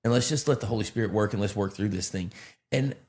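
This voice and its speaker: Low-voiced guy chatting casually, rambly and self-deprecating. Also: fast. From Alabama. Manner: rambling, animated storytelling with self-deprecating humor. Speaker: pastor and podcast co-host. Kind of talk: casual conversation.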